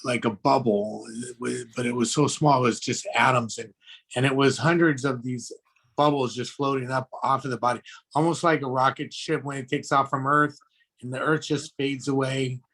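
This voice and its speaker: A man in an online class telling a personal story, halting and searching for words, heard over a video call. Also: medium pitch, steady tone, fairly bright tone. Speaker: class participant. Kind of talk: casual sharing.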